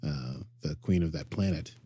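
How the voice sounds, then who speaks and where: Guy cohosting a tv recap podcast, mellow warm tone, jokey and excited. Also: very deep voice, moderate pace, husky, no room sound. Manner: playful, enthusiastic fan banter. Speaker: podcast co-host. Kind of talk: casual chat about a TV episode.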